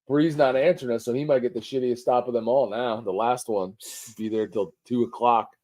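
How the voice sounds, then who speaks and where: A man's voice: mid-range voice, fairly even intonation, a little fast, warm tone. A man co-hosting a casual live stream about motorcycle rallies, joking and teasing as he talks. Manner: joking, teasing, loose swearing. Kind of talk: casual chat.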